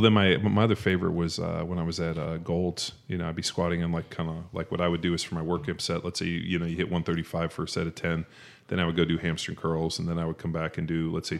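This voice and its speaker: A man's voice: low voice, vocal fry. A man co-hosting a podcast in casual chat, telling rambling, profane gym stories. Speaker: podcast co-host.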